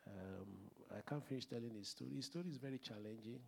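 A man's voice: medium pitch, quick pace, vocal fry. A man preaching and hosting in a church sanctuary, fervent and conversational as he introduces a guest. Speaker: host pastor.

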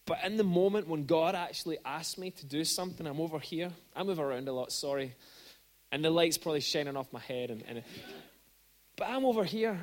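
Man, preacher, high voice, conversational sermon, restarts, animated. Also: a little fast. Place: church. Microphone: microphone at pulpit.

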